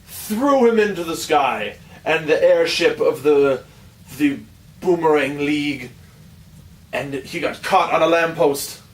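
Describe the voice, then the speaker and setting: Taking his time, a man with a fairly high voice spins an improvised tall tale, rambling playfully and fixing his own details as he goes. The mic is distant, and faint ambient noise can be heard.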